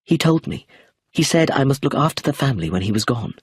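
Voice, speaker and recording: A man reading an audiobook, voicing a serious young woman who speaks quietly and firmly. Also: medium pitch, quick pace, breathy edge, pitched above the performer's own voice, full character voice. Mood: fearful. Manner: quiet, steady, decided.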